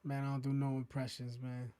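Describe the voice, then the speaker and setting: A man's voice: medium pitch, monotone, brisk, warm tone. A man co-hosting a podcast over a video call, laid-back, answering in brief, agreeing replies. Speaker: podcast co-host. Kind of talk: casual chat.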